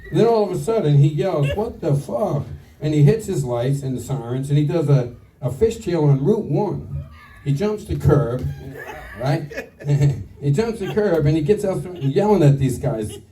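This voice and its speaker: A man delivers a roast at a party, crude and self-deprecating, stumbling through fillers between punchlines. His voice sits a bit high and is picked up from some distance. Laughter and chatter fill the room around him. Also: animated, normal speed, warm tone. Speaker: retirement roast speaker. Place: banquet room with a crowd. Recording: distant mic, noisy room. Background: crowd laughter and chatter.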